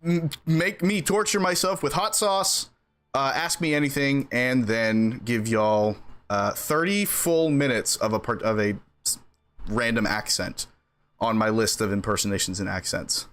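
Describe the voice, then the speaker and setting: A man streaming, chatting casually with his viewers in an animated way and laughing between sentences. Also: mid-range voice, unhurried. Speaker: game streamer.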